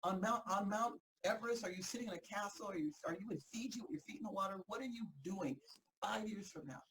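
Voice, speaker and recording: A woman hosting a motivational group talk, energetic and emphatic, repeating herself for effect and breaking easily into laughter. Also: medium pitch, quick pace, rough recording. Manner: energetic, fired-up, emphatic repetition. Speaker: host and motivational coach.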